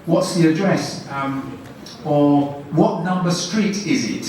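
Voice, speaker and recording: Guy teaching a room, quizzing and praising fast, bit high voice, echoey hall, mic far off. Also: crowd noise. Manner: brisk questioning with quick praise. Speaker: guest lecturer and teacher trainer. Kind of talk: demonstrating classroom teaching to an audience. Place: university lecture room.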